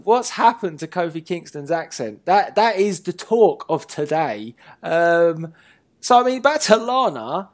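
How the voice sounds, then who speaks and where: A man's voice: high-pitched, big pitch swings, a little slow. A man hosting a wrestling talk show in casual chat, playful and teasing, often laughing and trailing off mid-sentence.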